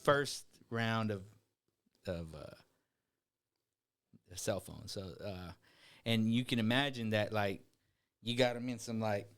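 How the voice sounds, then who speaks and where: A man's voice: fairly low pitch, slow pace, pauses often, smooth. A man, co-hosting a podcast and telling rambling, profane outdoor stories with lots of laughing. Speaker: podcast co-host. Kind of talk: casual storytelling chat.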